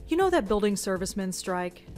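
A woman's voice: mid-range voice, big pitch swings, a little fast, a little mellow, soft background music, natural voice. A woman voicing a wry, awkward young woman in a video game, dry and sarcastic.

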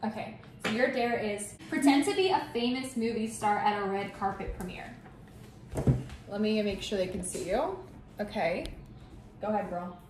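A woman's voice: mid-range voice, moderate pace. A woman hosting a casual vlog, chatting playfully and teasing her friend. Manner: teasing, giggly, bursts of mock paparazzi shouting. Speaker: vlog host. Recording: echoey room, far from mic, noisy.

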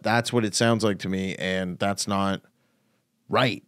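A man's voice: on the low side, fairly even intonation, measured pace, smooth, no echo, clean studio sound. A comedian hosting his own podcast, ranting bluntly and profanely in a casual solo talk. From Canada.

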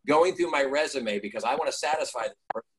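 A man's voice: mid-range voice, fast, slight background noise, low-quality recording. A middle-aged man, a guest actor, telling stories on a video call and acting out the people in them. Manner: animated, acts out quoted voices. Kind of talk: storytelling in a video-call interview.

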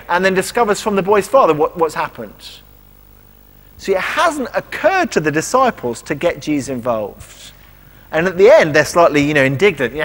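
Guy preaching, chatty, lively up and down pitch, big church echo. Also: normal speed. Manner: conversational, asks rhetorical questions, voices quoted speech. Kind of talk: sermon. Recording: long reverb of a church hall.

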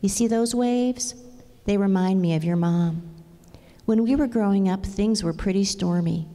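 A woman voicing a gentle young uncle in a children's storybook she reads aloud. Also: mid-range voice, a little slow, big-room sound, lightly acted. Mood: reflective. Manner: soft, reflective.

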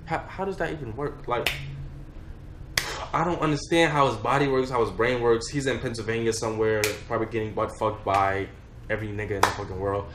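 A man's voice: lowish voice, steady tone, brisk. A young man telling a rambling, profane story in a casual storytime vlog. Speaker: vlogger. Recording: echoey room with faint noise.

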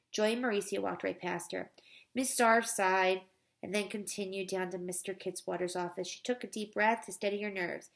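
A woman reading a children's book aloud, pausing now and then to explain words, with occasional slips and restarts. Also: medium pitch, steady tone, gravelly.

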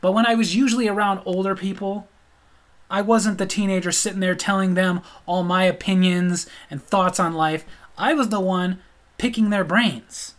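A man's voice: sits high, steady tone, moderate pace. A middle-aged man telling stories in a casual vlog, blunt and sarcastic. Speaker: storyteller.

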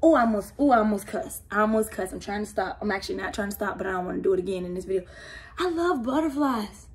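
A young adult woman reacting to gifts in a casual unboxing vlog, excitable and emotional, full of slang and exclamations. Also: mid-range voice, fast talker. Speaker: vlogger opening gifts.

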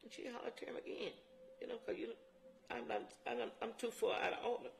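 Brief: older woman, rough gravelly tone, plain testimony in dialect. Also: fairly high pitch, fairly quick, a little hiss or hum. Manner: dialect speech with emphatic repetition. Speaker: interviewee. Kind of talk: personal testimony. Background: music.

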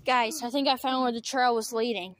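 A woman in a homemade comedy series, excitable and given to squeals and shrieks during playful pretend play. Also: fairly high pitch, brisk, slight background noise.

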